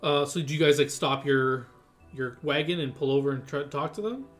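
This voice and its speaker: A man's voice: on the high side, brisk, faint music behind. Rambling male game master narrating. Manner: rambling, full of fillers and restarts.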